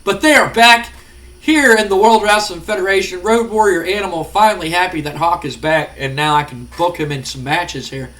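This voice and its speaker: A man's voice: sits high, normal speed, fairly bright tone. A man giving rambling, casual let's-play commentary, full of fillers. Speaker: gaming channel host.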